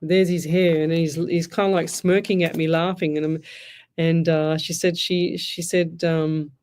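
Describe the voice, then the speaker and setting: A woman's voice: low voice, flat delivery, unhurried, darkish tone. An Australian woman hosting a live radio show as a psychic medium, chatting in a rambling way and laughing often as she tells stories. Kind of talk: live radio reading, casual chat.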